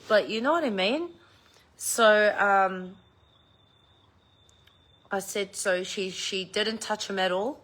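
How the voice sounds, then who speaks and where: A woman's voice: medium pitch, unhurried, fairly bright tone. A middle-aged woman, chatting casually with viewers, telling a story and swearing freely. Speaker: vlogger chatting live with viewers. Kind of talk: casual chat.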